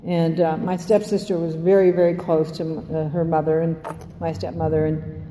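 A woman's voice: sits low, little pitch movement, moderate pace, warm tone, a little hiss or hum. An older woman giving a heartfelt, rambling share at a recovery meeting, speaking from a podium in a meeting hall. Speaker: Al-Anon speaker. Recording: echoey hall, faint ambience.

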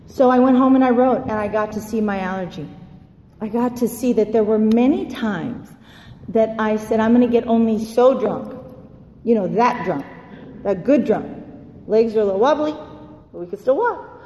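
Brief: woman, higher voice, lively storyteller, recorded in a roomy reverberant hall. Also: moderate pace, slight background noise. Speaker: speaker sharing her recovery story. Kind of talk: personal testimony talk. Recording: roomy hall with long echo.

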